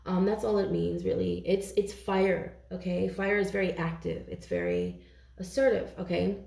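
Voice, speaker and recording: A woman reads tarot in a loose, chatty way, her voice low-toned and mellow with a gravelly edge. She keeps checking in with her listeners as she talks. The sound has a roomy echo around it. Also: animated, normal speed. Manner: chatty, intuitive, frequent "okay?" check-ins. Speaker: tarot reader. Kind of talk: casual tarot reading to camera.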